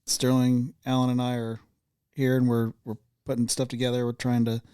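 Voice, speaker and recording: A man co-hosting a faith podcast, speaking casually with many pauses and restarts. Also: mid-range voice, monotone, warm tone, clean tone, no room sound, clean studio sound. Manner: halting, many fillers and restarts. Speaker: podcast co-host. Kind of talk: casual chat.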